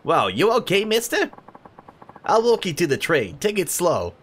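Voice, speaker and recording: A man voicing a kind young boy who helps a drunk, in a high, eager voice. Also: huge pitch swings, a little slow, fairly bright tone, full character voice. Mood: caring.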